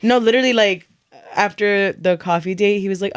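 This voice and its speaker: A woman's voice: medium pitch, quick pace, dry recording, clean studio sound. A woman guest on a podcast, chatting casually and acting out past conversations with a laugh. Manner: animated, laughing, acts out past talks. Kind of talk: casual chat.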